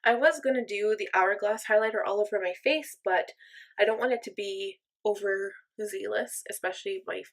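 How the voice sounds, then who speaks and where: This makeup vlogger, mostly German with Irish and Norwegian roots, speaks at a medium pitch and normal speed. She chats her way through a tutorial casually, thinking out loud and cracking self-deprecating jokes.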